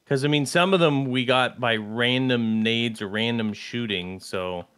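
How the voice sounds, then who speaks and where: Relaxed and slow, a man repeats short phrases while casually chatting through a zombie game he co-hosts on a gaming channel. He has a medium-pitched, slightly bright, clean voice, and the recording is dry.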